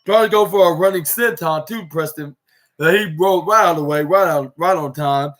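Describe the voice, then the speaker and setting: A man hosting a podcast who recaps a wrestling show in a rambling, excitable way, often restarting his sentences. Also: fairly high pitch, brisk. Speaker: podcast host.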